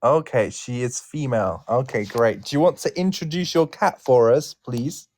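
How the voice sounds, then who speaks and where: A British man hosting a casual online chat, playful and quick to laugh. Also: medium pitch. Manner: animated, laughs often, playful. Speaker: host.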